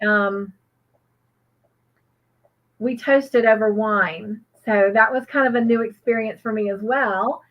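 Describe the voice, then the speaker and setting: A woman chats on a home video call. She rambles with lots of fillers and restarts, earnest and grateful. Her voice sits a little high and comes through dull lo-fi stream audio. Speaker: co-host of a crochet livestream. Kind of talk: casual livestream chat.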